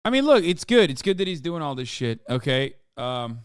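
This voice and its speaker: A man's voice: a little high, sing-song, moderate pace, clear, resonant tone, no echo, studio quality. A man hosting a live stream, reacting to clips with sarcastic, sweary commentary. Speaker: streamer host.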